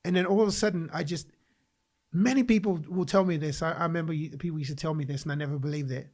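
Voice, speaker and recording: Here a man from England, interviewed on a podcast, tells a story from his own life at a fast clip. His pitch is fairly high, and he delivers the tale animatedly, performing the quoted voices.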